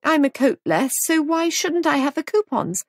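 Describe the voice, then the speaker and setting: A woman voicing an anxious young wife who runs a guest house, raising her voice higher and speaking in a worried, plaintive way. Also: animated, normal speed, dry recording, clean studio sound. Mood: fretful.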